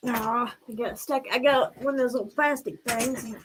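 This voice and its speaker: A woman, hosting a casual live stream, hoarse and breathless from laughing, chatty and a bit scattered. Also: on the high side, steady tone, normal speed, a little hiss or hum. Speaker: livestream host. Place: room at home.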